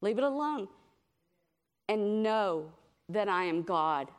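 A middle-aged woman preaches a sermon with animated storytelling. Her pitch sits in the middle, and she jumps into higher, brighter voices when she acts out what others said. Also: takes it slowly.

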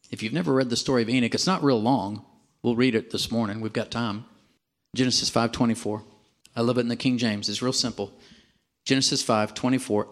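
Guy preaching to a congregation, fired up then quiet, keeps asking amen. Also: mid-range voice. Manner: animated, calls for amens from the congregation; swings from emphatic to quiet and drawn out. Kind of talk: sermon.

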